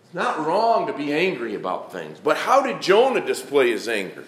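A man's voice: fairly high pitch, huge pitch swings, moderate pace. A man in his fifties preaching a sermon, reading scripture and acting out quoted pleas with rising intensity. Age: 50s. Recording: echoey room with faint ambience.

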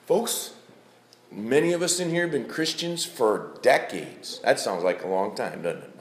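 Lively, roomy male preacher. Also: mid-range voice, a little slow. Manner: folksy, addresses congregation by name. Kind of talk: sermon. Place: church.

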